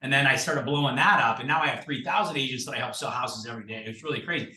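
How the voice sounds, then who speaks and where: A man guest in casual chat, telling stories in an animated, blunt and salty way. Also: medium pitch, rapid-fire. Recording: roomy sound from far off the mic.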